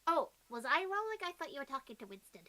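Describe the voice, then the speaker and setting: A woman playing a tabletop game with a high, bright, lively voice. She jokes playfully with the game master. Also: fast. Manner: playful, joking. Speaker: player.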